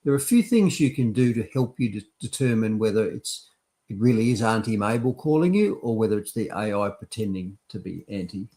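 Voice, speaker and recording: A man's voice: on the low side, lively intonation, fairly quick, dark tone. A man from Australia hosting a news commentary podcast, talking in a conversational, reflective way. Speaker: podcast host.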